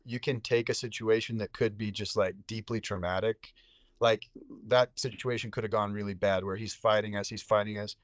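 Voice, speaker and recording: A man tells a story casually as a podcast guest, in a relaxed, slangy manner full of fillers. His voice sits somewhat low and sounds dry and close. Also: no room sound. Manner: laid-back slang, many fillers like "dude" and "bro". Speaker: podcast guest, psychiatric nurse.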